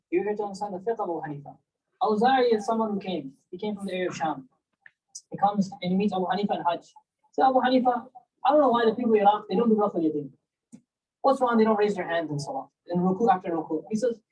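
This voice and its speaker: A woman giving a storytelling religious lecture, acting out quoted voices and reciting Arabic verses. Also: husky. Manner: animated, acts out quoted voices. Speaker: religious teacher. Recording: distant, low-quality recording.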